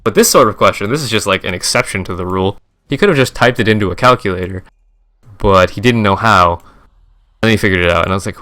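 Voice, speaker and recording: A man's voice: on the low side, quick pace, pushed and bright. A young man, a streamer, casually recapping his game trades in a rambling, profane, self-correcting way.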